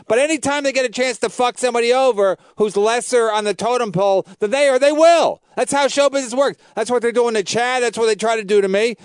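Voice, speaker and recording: A man's voice: high voice, animated, a little fast, hardly any pauses, clean tone, no echo. A man, a comedian and podcast host, telling rambling profane stories in casual chat.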